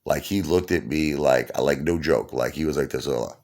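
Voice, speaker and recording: Super deep gravelly guy rambling thru a funny story, keeps repeating himself. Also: normal speed. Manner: rambling, animated, repeats himself, laughs at his own story. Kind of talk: casual comedic storytelling.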